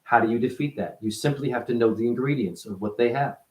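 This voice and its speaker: A man giving a rambling, profane spiritual monologue as a self-styled teacher, his voice jumping up and down in pitch. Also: quick pace, a little mellow. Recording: echoey room.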